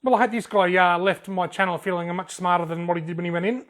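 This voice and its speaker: A man's voice: sits high, fast, few pauses, a bit bright. A man with an Australian accent, joking and laughing as he reads out viewer comments on his fishing videos. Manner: jokey, laughs often, drawls words out. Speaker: fishing channel host. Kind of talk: casual chat reading out comments.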